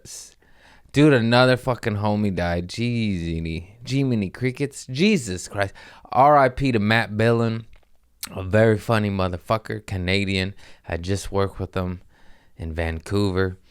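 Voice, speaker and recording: A man hosting a casual comedy podcast, rambling and animated, slipping in and out of goofy voices. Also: on the low side, smooth, dry recording, studio quality. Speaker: podcast host.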